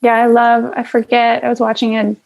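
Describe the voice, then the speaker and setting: A young woman hosts a relaxed conversation, speaking with a gravelly, fry-tinged voice. She talks reflectively and pauses on fillers, often with a soft laugh. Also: fairly high pitch, low-quality recording. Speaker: podcast host. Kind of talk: casual conversation.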